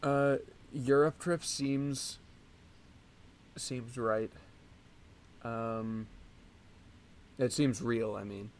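A man chatting on a loose comedy podcast. He rambles with plenty of filler words and restarts. His voice sits at an ordinary male pitch. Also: fairly even intonation, drawn-out words, long pauses. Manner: rambling, full of likes and restarts. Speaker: podcast co-host and quiz contestant. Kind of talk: casual comedy podcast chat.

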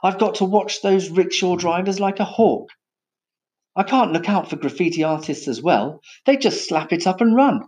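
A man's voice: high voice, expressive, moderate pace, a little mellow, voice pushed up. A man voicing a cheeky, scheming young elephant keeper with a breezy, innocent-sounding manner.

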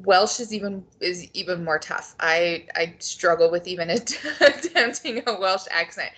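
A woman's voice: lowish voice, normal speed, fairly bright tone. A woman hosting a book podcast, introducing the show and chatting with a guest in an enthusiastic, chatty way. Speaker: podcast host. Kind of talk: podcast intro and casual interview.

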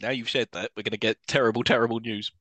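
Male podcast co-host, bright and animated, with a dry close-mic sound. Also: medium pitch, quick pace, no room sound. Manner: recaps the plot with laughing asides. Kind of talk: casual film-review chat.

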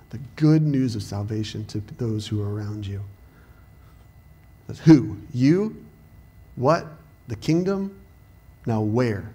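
A man's voice: medium pitch, darkish tone. A male pastor with a Southern US accent, preaching a sermon with earnest emphasis that swells at times. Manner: earnest preaching, rising to raised emphatic passages.

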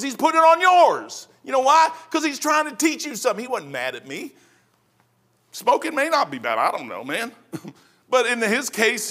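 High-voiced folksy preacher man. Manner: folksy storytelling preacher, swings from loud to hushed. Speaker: pastor. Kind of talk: sermon.

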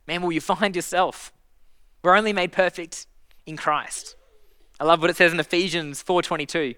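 A man preaching in an earnest, conversational way, stumbling and restarting as he builds his point. His voice sits high and bright, with a smooth, clear tone. It is recorded close and dry. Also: steady tone, moderate pace, no room sound. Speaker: pastor. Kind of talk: sermon.

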